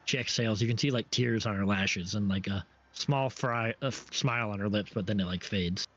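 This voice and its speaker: A man's voice: on the low side, brisk, fairly bright tone. A man narrating as game master for a tabletop game, hesitant with many fillers and restarts. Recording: dull lo-fi stream audio with faint ambience.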